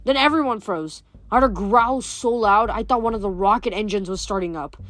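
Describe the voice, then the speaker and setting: A woman reading a novel aloud in a steady storytelling voice, with small slips and restarts. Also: mid-range voice, a little fast, no echo. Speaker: reader.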